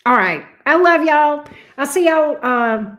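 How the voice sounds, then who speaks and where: The audio is dull, and the middle-aged tarot reader speaks slowly in a high, expressive, fairly bright voice. She chats playfully with her livestream viewers, often breaking into laughter.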